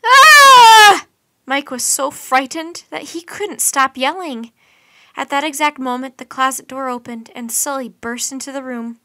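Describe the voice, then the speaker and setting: Bright, lively woman reading a storybook. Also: high-pitched, moderate pace, no room sound, studio quality. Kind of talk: children's storybook read-aloud.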